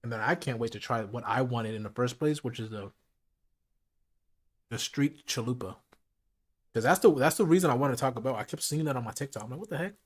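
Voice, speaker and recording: This livestreamer chats casually with his audience late at night from home, speaking in relaxed slang between bites of food. His middle-pitched voice runs a little fast, broken by long pauses, and a streaming mic with a noise gate and filters keeps the sound close and clean.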